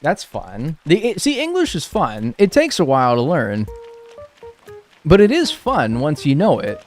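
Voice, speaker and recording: A man's voice: fairly high pitch, a little slow. Young guy streaming a game, rambly and cussing, voice bouncing all over, faint game music behind. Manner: animated, swears freely, rambling. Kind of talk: casual stream chat while playing.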